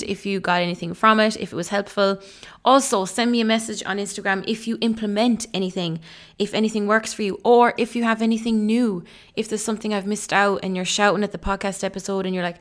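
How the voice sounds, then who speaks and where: A woman's voice: mid-range voice, steady tone, a little fast. A young woman hosting her own podcast, talking casually and gushing, with lots of fillers and exclamations. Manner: chatty and gushing, full of fillers and "oh my God". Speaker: podcast host. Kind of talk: casual solo podcast chat.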